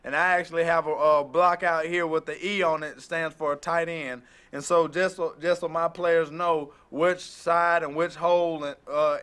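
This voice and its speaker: High, smooth-voiced football coach explaining drills. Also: male voice, fairly bright tone. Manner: repeats and restarts phrases while explaining. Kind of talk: instructional drill demonstration.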